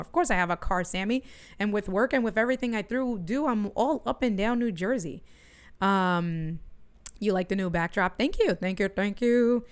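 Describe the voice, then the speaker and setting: A middle-aged woman streaming from her home studio, telling a story in an animated way and talking to her chat. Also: medium pitch, smooth. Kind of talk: casual livestream chat.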